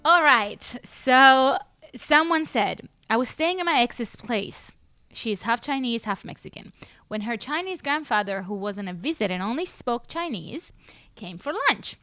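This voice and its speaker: A woman with a fairly high, bright voice co-hosts a casual podcast. She reads listener stories aloud and giggles often, and her recording sounds close and dry. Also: lively intonation, measured pace, no echo. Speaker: podcast co-host. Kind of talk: casual chat.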